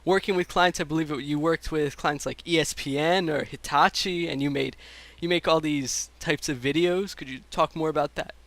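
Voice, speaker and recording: A man's voice: on the high side, fairly bright tone, no room sound. A young adult man interviewing a guest in a playful, joking way. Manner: playful, joking, quick to laugh. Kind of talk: casual interview.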